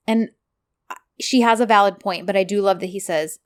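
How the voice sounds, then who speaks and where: A woman's voice: medium pitch, normal speed. A woman co-hosting a casual chat, animatedly retelling scenes and acting out the characters' lines. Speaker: podcast co-host recapping a TV drama.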